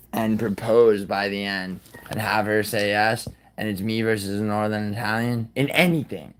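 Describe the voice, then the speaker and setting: A man from New York hosting a live stream, ranting casually and profanely at his chat in a rambling, combative way. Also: fairly low pitch. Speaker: livestream host.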